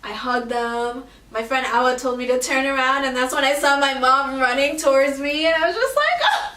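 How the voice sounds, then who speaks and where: A woman in a casual vlog, telling an emotional story expressively and often trailing off softly. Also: sits high, moderate pace, far from the mic. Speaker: vlogger. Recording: echoey room, camera mic from afar.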